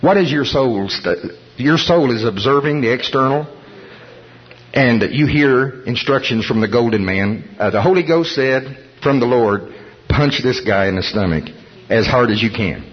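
A man preaching a sermon, telling a story with animated delivery, chuckling and acting out the voices of people in it. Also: mid-range voice, a little slow, slightly rough. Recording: dull lo-fi sermon recording.

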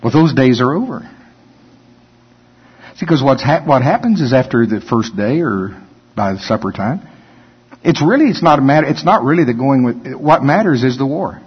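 A man's voice: mid-range voice, lively intonation, moderate pace, long pauses, breathy edge. A man preaching a conversational sermon, joking and acting out whiny voices. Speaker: pastor. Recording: dull sound with long hall reverb.

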